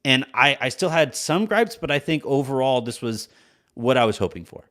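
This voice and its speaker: A man's voice: mid-range voice, animated, normal speed, fairly bright tone. A man hosting a podcast, chatting casually with many restarts and laughing at his own jokes. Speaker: podcast host.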